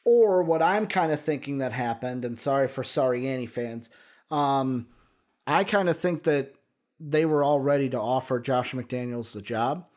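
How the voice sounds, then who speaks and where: A man's voice: medium pitch, unhurried, darkish tone. A man with a Chicago accent co-hosting a casual sports talk show, thinking aloud and rambling with plenty of fillers. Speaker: sports podcast co-host.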